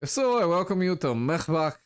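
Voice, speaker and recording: A man's voice: fairly high pitch, lively intonation, fairly quick, clean tone, pitched above the performer's own voice, natural voice. A man voicing an imposing older arms dealer who speaks in a curt, demanding way.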